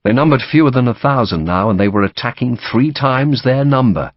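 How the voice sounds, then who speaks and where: A man reading a novel aloud as audiobook narration, steady and dramatic. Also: medium pitch, fairly quick, few pauses, no echo, muffled recording.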